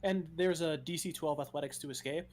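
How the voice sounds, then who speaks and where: A man's voice: fairly high pitch, a little fast, darkish tone. A man playing a tabletop game online, speaking plainly with short questions. A faint hum sits behind his voice. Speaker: player. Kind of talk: casual game chat.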